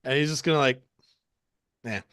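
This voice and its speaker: A man's voice: mid-range voice, moderate pace, fairly bright tone, dry recording, clean studio sound. A man playing a tabletop role-playing game, talking casually in a rambling way with many fillers and laughs. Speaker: player.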